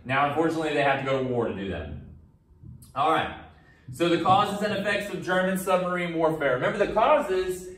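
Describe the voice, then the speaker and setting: A man's voice: fairly high pitch, expressive, brisk, fairly bright tone, reverberant, distant mic, rough recording. A man teaching a history lecture in a casual way, often acting out countries in silly voices for his students. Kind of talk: recorded classroom lecture.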